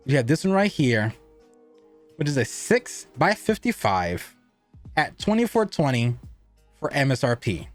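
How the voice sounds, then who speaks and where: A man giving a casual cigar review, rambling and asking and answering his own questions. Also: on the high side.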